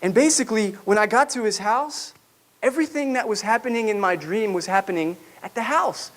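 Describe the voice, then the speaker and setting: A man's voice: high-pitched, a little fast, a bit bright. A man giving a personal testimony talk at a podium to a live audience, telling his story reflectively and now and then asking the audience questions. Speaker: public speaker. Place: room with an audience, speaking at a podium.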